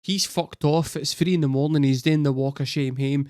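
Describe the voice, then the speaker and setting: A man's voice: fairly high pitch, fairly even intonation, moderate pace, dark tone, clear, resonant tone, no echo, clean studio sound. A Scottish man hosting a music reaction, joking crudely and swearing as he comments. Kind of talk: casual commentary.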